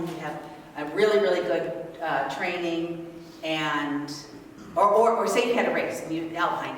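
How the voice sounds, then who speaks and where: Older woman speaking far off in a hall. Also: lowish voice. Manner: animated, asks the audience questions. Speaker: speaker leading a parent workshop. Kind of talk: interactive talk to an audience. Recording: echoey hall from far off, noisy.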